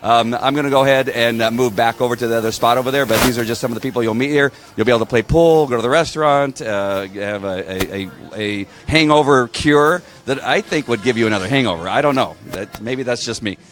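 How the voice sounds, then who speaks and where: A man's voice: mid-range voice, quick pace, few pauses, a bit bright. A man hosting a casual live stream from a restaurant bar, chatting with viewers and rambling as he reads their comments. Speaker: livestream host.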